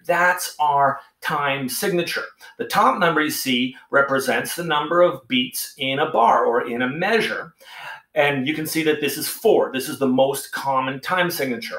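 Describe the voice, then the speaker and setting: Man, music teacher, patient explaining, counts beats aloud, mid pitch, roomy echo. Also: fairly bright tone. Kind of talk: casual music lesson. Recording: echoey room.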